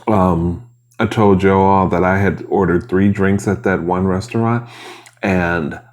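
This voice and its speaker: A man's voice: sits low, steady tone, a little slow. A man vlogging at home as he eats, talking casually in a rambling, mildly aggrieved way between bites. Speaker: mukbang vlogger. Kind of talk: casual eating vlog.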